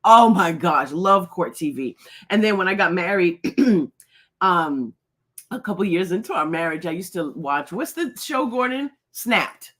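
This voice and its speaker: A woman's voice: fairly low pitch, animated, unhurried, fairly bright tone. A middle-aged woman hosting a casual live stream, chatty and laughing often as she greets viewers by name. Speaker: host.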